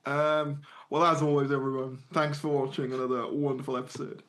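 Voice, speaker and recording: A man's voice: medium pitch, flat delivery, a little fast, a bit bright. A man co-hosting a podcast, playful and self-mocking in casual banter. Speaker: podcast co-host.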